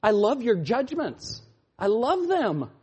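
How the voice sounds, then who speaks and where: A husky, fairly high-voiced man preaches from the pulpit as pastor. He swings his pitch all over, from loud mocking shouts to low, muttered asides. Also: big pitch swings, takes it slowly. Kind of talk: sermon.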